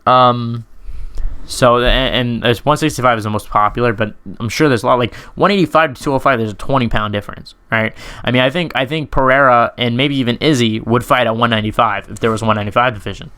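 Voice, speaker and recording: A man's voice: mid-range voice, fast, bright, forceful tone, smooth. A man commentating on MMA in a casual, unscripted Q&A monologue, rambling and swearing, with many fillers and self-corrections.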